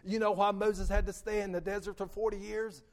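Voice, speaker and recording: Male preacher, high voice, sermon on a church mic, call-and-response delivery with sudden loud swells. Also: little pitch movement, brisk. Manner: call-and-response, asks the congregation for amens; swings between soft, low asides and loud emphatic peaks. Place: church sanctuary. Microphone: PA microphone.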